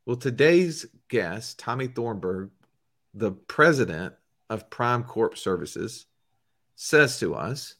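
A man co-hosting a podcast, talking emphatically with dramatic pauses. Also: mid-range voice, big pitch swings, a bit bright. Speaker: podcast co-host. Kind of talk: podcast intro chat.

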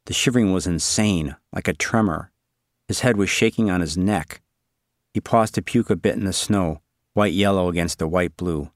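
A man narrating an audiobook in a dry, deadpan, wry manner. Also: deep voice, moderate pace, no room sound.

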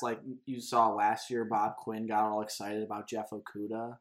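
A man's voice: lowish voice, little pitch movement, normal speed, few pauses, a bit bright. A man co-hosting a casual sports talk show, arguing his points and hedging with filler words. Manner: argumentative, hedging with "like". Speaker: podcast co-host.

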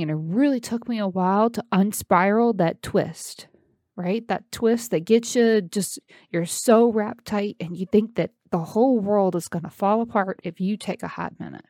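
A woman's voice: mid-range voice, measured pace, dark tone, no room sound, studio quality. A woman in her thirties talking casually and encouragingly, speaking straight to her listeners. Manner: chatty, encouraging, addresses listeners directly. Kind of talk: casual self-care talk.

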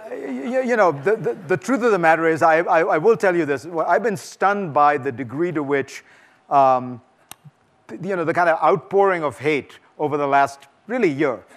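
A man giving a conversational, emphatic festival talk and taking audience questions, often restarting his sentences. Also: fairly high pitch. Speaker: guest speaker. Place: lecture hall before an audience.

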